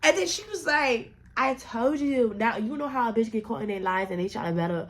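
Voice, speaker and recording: Talking quickly in a fairly high voice, a young woman retells a story in a casual, animated way, full of slang and profanity. She acts out the lines other people said.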